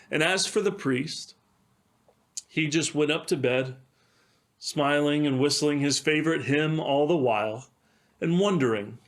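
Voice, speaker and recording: A pastor telling a devotional story in a measured way, with occasional fillers. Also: male voice, mid-range voice, a bit bright.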